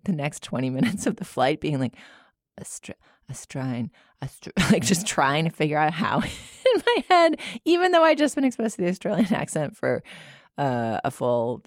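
A woman's voice: rumbling low, dry recording, clean studio sound. An American woman co-hosting a podcast, chatting casually with frequent restarts. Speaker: podcast co-host. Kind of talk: casual chat.

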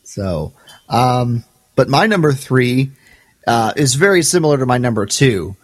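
A man's voice: mid-range voice, lively intonation, a little slow, dry recording. A man co-hosting a podcast, chatting casually in a wry way and correcting himself as he goes. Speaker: podcast co-host.

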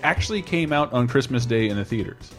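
Animated joking male podcast host. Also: mid-range voice, a little fast, soft background music. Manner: animated, crude joking, laughs often. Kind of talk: casual chat.

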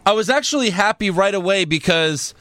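A man with a bright, lively voice that swings up and down as he walks through the wrestling show. He talks casually and jokes along with his co-hosts. The sound is close and dry. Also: high voice, fairly quick, no echo. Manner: animated, joking storyteller. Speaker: podcast host. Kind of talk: casual wrestling recap chat.

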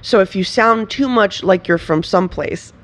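An animated woman from Venezuela, guesting in a casual interview. She laughs often, restarts her sentences, and keeps the talk lively. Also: medium pitch, moderate pace. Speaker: writer and performer guest.

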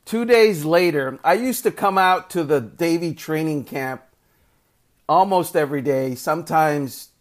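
Animated man telling a story. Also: fairly high pitch, measured pace. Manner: animated anecdote-telling, acts out quoted voices. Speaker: sports reporter and podcast host. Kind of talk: casual storytelling.

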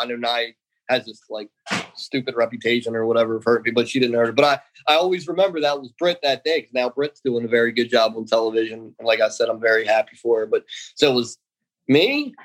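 A man's voice: mid-range voice, poor audio. A man in his thirties, a guest in a casual interview, telling long rambling stories and acting out what other people said. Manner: rambling, animated, acts out quoted voices. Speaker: guest, former pro wrestler.

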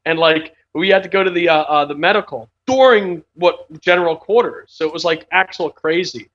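A man's voice: fairly high pitch, normal speed, a bit bright, highs cut off. A man telling a story in casual chat, rambling, swearing often and laughing as he talks.

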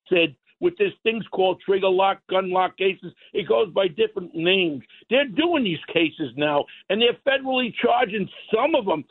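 A man's voice: sits high, gravelly, husky. A middle-aged man, a guest, ranting bluntly and combatively about crime. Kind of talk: heated political talk. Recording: tinny phone line.

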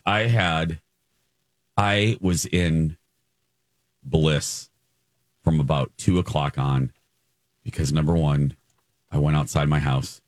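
A man's voice: rumbling low, darkish tone, no echo. A man hosting a morning radio show in casual chat, telling stories with gleeful, playful exaggeration.

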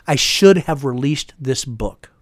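Emphatic, fast-talking man in an interview. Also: medium pitch, expressive, dry recording, clean studio sound. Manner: fast, emphatic and heated, many tag questions. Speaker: guest, former congressman. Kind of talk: candid political interview.

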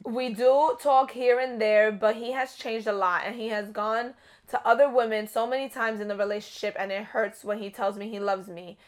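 A young woman co-hosting a casual relationship-advice podcast, talking loudly and animatedly and swearing freely. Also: a little high, fairly even intonation, moderate pace. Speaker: podcast co-host.

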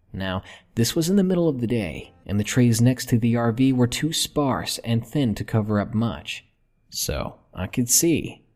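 A man narrating a horror story in a slow, measured, hushed way. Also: medium pitch.

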